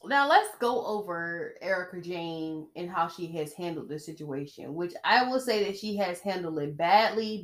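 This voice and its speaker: A woman hosting a podcast, talking in a blunt, chatty way about reality TV, often checking in with "okay?". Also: fairly low pitch. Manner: blunt, chatty, emphatic with frequent "okay?" asides. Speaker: podcast host. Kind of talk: casual gossip commentary.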